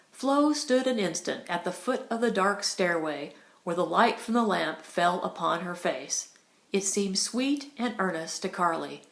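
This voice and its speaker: A woman narrating an audiobook in a measured, expressive storytelling manner. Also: fairly low pitch, creaky. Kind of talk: scripted narration. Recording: roomy echo.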